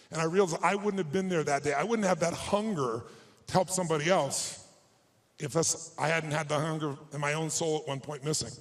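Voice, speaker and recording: A fairly high-voiced man stands on stage giving a motivational speech to a live crowd, recounting a personal story with emphasis. He moves frequently between soft, hushed moments and louder, stronger ones, heard on a low-quality recording.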